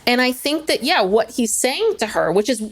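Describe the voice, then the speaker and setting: A woman co-hosting a podcast in casual chat, blunt and animated, often acting out what others said. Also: a little high, moderate pace, husky. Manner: blunt, animated, quotes people in voices. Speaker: podcast co-host.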